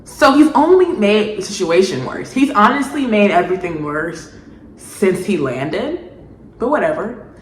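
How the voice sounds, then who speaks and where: A woman rants through a commentary vlog in a fairly low voice, sarcastic and exasperated, swinging between loud outbursts and muttered asides. She is recorded in an echoey room with a faint hum of ambience behind her. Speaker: video essayist.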